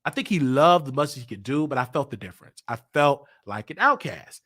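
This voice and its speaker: A show host talks openly about his personal life during a livestream, confessional in tone and repeating himself as he sorts through his thoughts. He has a medium-pitched, slightly bright voice with lively intonation and a brisk pace.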